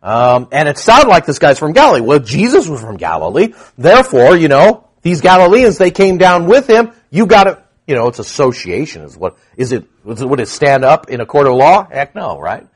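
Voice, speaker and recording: A man preaching in a lively, conversational way, his voice rising and falling a lot as he teaches. He keeps turning to the congregation with asides and questions. His voice sits a little above the usual for a man. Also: a little high, a little fast, few pauses, slightly rough. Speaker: pastor. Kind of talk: sermon.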